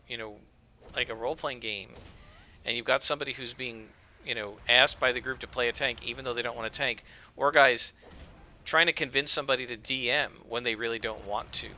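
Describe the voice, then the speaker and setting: Mid-range and pushed, his bright voice runs through a rambling, casual commentary while he games. Fillers crop up constantly in this let's-play chatter.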